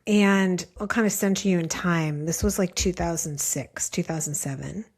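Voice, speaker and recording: A woman's voice: lowish voice, normal speed, a little mellow, breathy edge. Earnest woman in her late fifties. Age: late 50s. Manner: earnest, thoughtful, frequent "like" fillers. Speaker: podcast guest, meditation teacher. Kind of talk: reflective storytelling in conversation.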